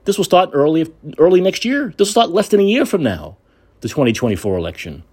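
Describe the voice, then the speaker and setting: A man's voice: fairly high pitch, very animated, fast talker, a little mellow, breathy edge. A man hosting a podcast, giving an angry, sarcastic and profane political rant. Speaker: podcast host.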